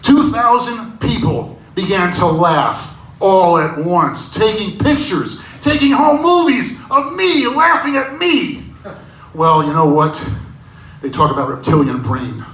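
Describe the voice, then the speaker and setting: A man in his sixties tells a stand-up story on a bar stage, his high, bright voice swinging widely in pitch as he breaks into loud shouts. He takes his time, unhurried between the jokes. The sound is roomy and comes from a stage mic picked up at a distance, with faint noise behind. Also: big pitch swings. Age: 60s. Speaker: stand-up comedian. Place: bar stage at a live comedy showcase. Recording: echoey bar room from a distance.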